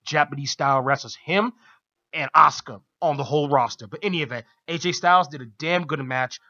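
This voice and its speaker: A man's voice: on the high side, fairly quick, pushed and bright, muffled recording. A man co-hosting a radio talk show, recapping wrestling in a casual, enthusiastic way and laughing often. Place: radio studio.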